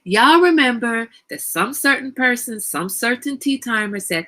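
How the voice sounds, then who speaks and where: A woman's voice: a little high, animated, normal speed, bright, forceful tone. A woman hosting a casual livestream, chatting animatedly, greeting viewers by name and laughing often. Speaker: livestream host.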